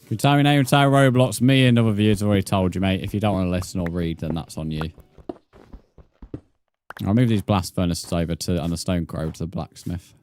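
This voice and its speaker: A man's voice: deep voice, fairly quick, darkish tone, a little hiss or hum. A young man streaming a game live, bantering with his chat, swearing and laughing often. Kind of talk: casual live-stream chat while gaming.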